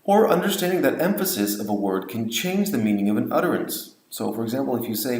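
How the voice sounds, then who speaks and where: A man's voice: mid-range voice, animated, fairly quick, hardly any pauses, a little mellow. Guy lecturing on english teaching, acts out example phrases, roomy echo. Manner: explanatory, modeling example phrases.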